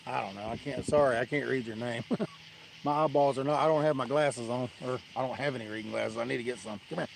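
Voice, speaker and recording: A man's voice: medium pitch, fast talker, low-quality recording. A man hosting a casual live fishing stream by the water at night, laughing often as he tells funny stories. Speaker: fishing livestream host. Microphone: camera on a tripod. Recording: outdoor night noise clearly audible.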